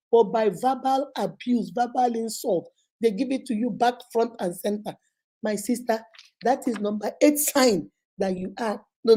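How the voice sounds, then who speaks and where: Nigerian woman, relationship advice host, emphatic, repetitive, warm higher voice. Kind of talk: motivational talk to viewers.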